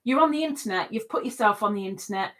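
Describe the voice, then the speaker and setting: A woman's voice: medium pitch, animated, quick pace, fairly bright tone. A woman hosting a casual live stream, reading out viewers' comments and answering them in a teasing, chatty way.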